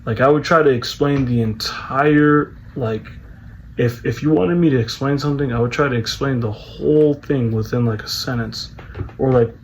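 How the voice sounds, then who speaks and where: A man's voice: medium pitch, normal speed, a little hiss or hum, rough recording. Rambling young man telling a story. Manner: rambling, repeats words, heavy fillers like "bro" and "like". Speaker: vlogger. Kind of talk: casual personal storytelling.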